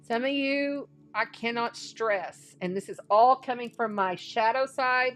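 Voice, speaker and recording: A woman's voice: a little high, measured pace, hardly any pauses, faint music behind. A woman giving a casual spiritual tarot and astrology reading, chatty and folksy, repeating phrases for emphasis.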